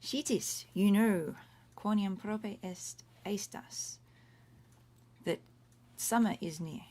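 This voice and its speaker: A middle-aged Australian woman teaches Latin in a casual, chatty livestream from a room at home, with faint room noise in the background. Her voice is medium-pitched, slow, and a little mellow as she goes word by word, stopping to comment along the way.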